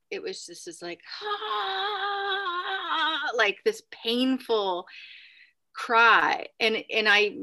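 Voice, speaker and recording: Bright-voiced woman telling a spooky story. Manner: animated, acts out quotes with sudden high bursts; many fillers like "like" and "right?". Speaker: podcast guest. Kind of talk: casual storytelling.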